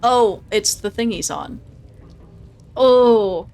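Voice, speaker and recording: A woman's voice: on the high side, extremely slow, darkish tone, soft background music. Giggly woman streaming a game. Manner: giggly, chatty, reads game options aloud. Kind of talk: casual live-stream chat.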